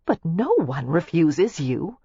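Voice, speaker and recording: A reader voicing a fretful, outspoken young pregnant wife who exclaims impatiently, in a husky voice. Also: female voice, sits low, sing-song, slow pace, warm tone, no room sound, lo-fi sound, exaggerated voice. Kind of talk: audiobook character voice.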